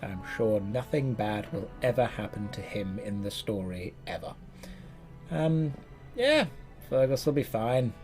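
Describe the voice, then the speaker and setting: A man streaming a game, chatting playfully with quick asides. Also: lowish voice, sing-song, darkish tone, faint music behind. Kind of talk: casual gameplay commentary.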